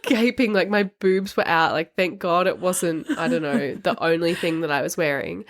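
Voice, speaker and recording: A woman's voice: on the low side, moderate pace. A young adult woman co-hosting a casual book podcast, rambling through stories and giggling often. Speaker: podcast co-host. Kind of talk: casual chat.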